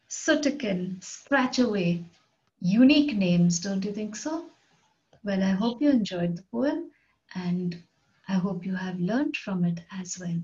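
A woman's voice: medium pitch, dark tone, highs cut off. A woman teaching an English poetry lesson, reading each line and then explaining the words in simple terms.

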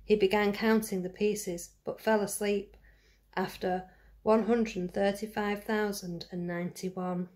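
A woman reading a fairy tale aloud to children, gentle and speaking to them directly. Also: medium pitch, flat delivery, a little slow. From United Kingdom. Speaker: storyteller for children. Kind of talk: read-aloud storytelling.

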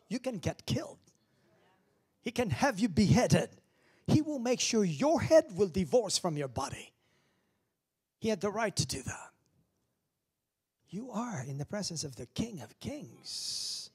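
A man preaching as pastor, animated, swinging from loud calls down to hushed whispers. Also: high voice, slightly rough. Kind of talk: lively sermon.

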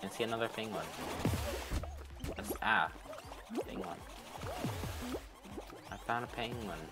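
A man in casual voice chat on a stream, goofy and deadpan, repeating words for laughs. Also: on the low side, unhurried. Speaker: stream co-player. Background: loud game music.

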